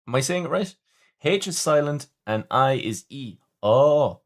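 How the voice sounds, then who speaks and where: A man's voice: medium pitch, expressive, measured pace. A man hosting a casual livestream, chatting with viewers in a rambling way, often stumbling and restarting. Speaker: livestream host reading chat.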